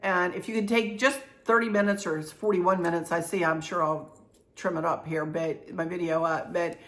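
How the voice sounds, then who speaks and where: A woman's voice: on the low side, steady tone, normal speed, fairly bright tone. A middle-aged woman hosting her own vlog, talking heartfelt and rambling, with many fillers and restarts. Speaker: channel host. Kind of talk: heartfelt casual vlog chat.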